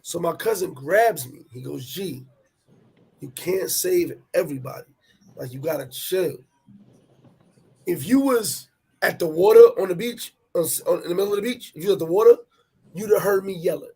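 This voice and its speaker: A man telling a personal travel story in animated, profane street talk, repeating words as he goes. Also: sits high, fairly quick, gravelly, slightly rough. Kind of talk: casual storytelling chat.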